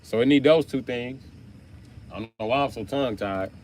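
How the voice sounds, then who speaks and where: A man's voice: medium pitch, moderate pace, slight background noise. A man on a live stream delivering a profane comic rant, swearing heavily as he goes. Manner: loud, animated, swearing heavily. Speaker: livestreamer.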